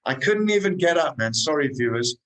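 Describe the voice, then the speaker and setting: A man guest on a podcast, telling lively travel anecdotes in casual chat over a remote call, often adding "man" and "eh". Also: on the high side, brisk, rough recording. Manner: animated anecdotes, says "man" and "eh".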